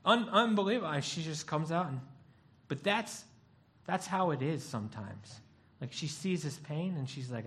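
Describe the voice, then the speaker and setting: Speaking at normal speed in a slightly high voice, a male pastor preaches through lively stories, performing the voices of each character.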